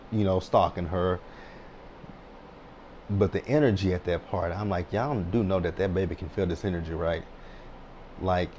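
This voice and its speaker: Sassy deep-voiced man recapping TV. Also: a little mellow, a little hiss or hum. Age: 30s. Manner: sassy, blunt, chatty with frequent "child" and "right?". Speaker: TV recap host. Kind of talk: casual reality-show recap.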